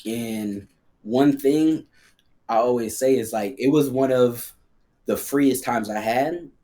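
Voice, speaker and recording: A man's voice: mid-range voice, takes it slowly, mellow. A man guesting on a podcast, telling a personal story in a casual, slangy way full of fillers.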